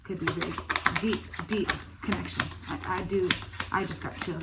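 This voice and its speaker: A woman with a drawl talks through a tarot reading in a low, flat voice. She thinks aloud, full of "um" and "uh", and swears now and then. There is steady noise under the recording. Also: moderate pace. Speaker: tarot reader.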